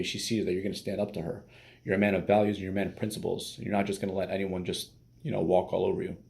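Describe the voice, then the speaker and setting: A man's voice: low-pitched, gravelly, darkish tone. A man giving casual dating advice as a coach, blunt and profane, with many fillers.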